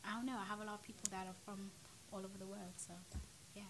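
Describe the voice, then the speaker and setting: A woman's voice: mid-range voice, little pitch movement, fast, a bit bright. A woman actress, a podcast guest, chatting casually and trailing off with fillers. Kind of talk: casual chat.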